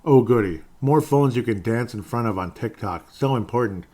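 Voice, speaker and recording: A man putting on the voice of a sarcastic, grumpy male talk-radio ranter, mocking and loud. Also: mid-range voice, moderate pace, natural voice.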